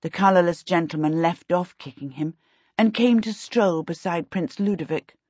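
A woman narrates a fantasy novel in a measured, even way. Her voice is low and husky. The sound is dry and a little dull. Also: no echo. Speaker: audiobook narrator. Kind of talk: scripted narration. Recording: dull, dry lo-fi audiobook recording.

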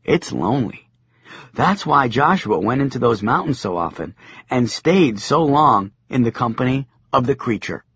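A man narrates a comic novel in the first person, with a wry, deadpan edge and a lively, rolling pitch. His voice has a husky grain, recorded dry and close, with a slightly dull, lo-fi audiobook sound. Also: normal speed, dry recording.

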